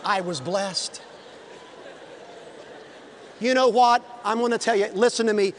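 High-voiced, animated preacher. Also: male voice, measured pace, slight background noise. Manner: animated, swinging from hushed to shouting, breaks into a hymn. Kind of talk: storytelling sermon.

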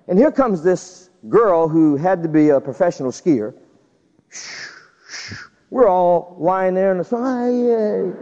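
Lively high-voiced preacher. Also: male voice. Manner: animated, acts out the people in his stories. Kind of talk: storytelling sermon. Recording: dull recording with long hall reverb.

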